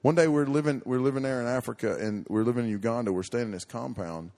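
A man's voice: mid-range voice, fast, dark tone. A middle-aged man preaching to young people, telling a story in a folksy, rambling way with many restarts and fillers.

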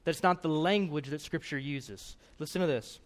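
Guy preaching, casual and earnest, keeps tossing in "right?", kinda higher voice. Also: normal speed. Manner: earnest, conversational, frequent "right?" asides; reads scripture aloud with rising emphasis. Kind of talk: sermon.

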